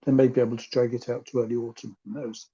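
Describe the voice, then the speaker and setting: A man's voice: medium pitch, level tone, fast, mellow, slightly rough, muffled recording. A man explaining a point methodically and wryly in a campaign meeting. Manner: analytical, methodical, wry. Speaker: campaign group member.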